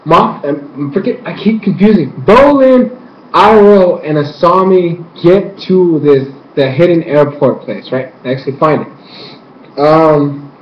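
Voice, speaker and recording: A man's voice: fairly high pitch, measured pace. Hyped young man reviewing in an echoey room. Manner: hyped, rambling, acts out characters' lines. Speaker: YouTube reviewer. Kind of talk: excited casual episode review. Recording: echoey room, dull lo-fi mic.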